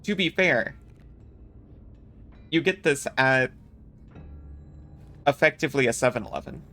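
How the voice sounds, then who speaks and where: A man's voice: medium pitch, lively intonation, measured pace, sharp tone. A man casually commenting on a video game as a streamer, joking and chatting with viewers.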